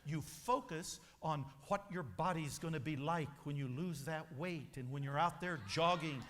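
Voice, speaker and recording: Long reverb fills the large convention hall as a motivational speaker tells an emphatic story in a preacher's manner. His somewhat high, slightly bright voice moves at a normal speed.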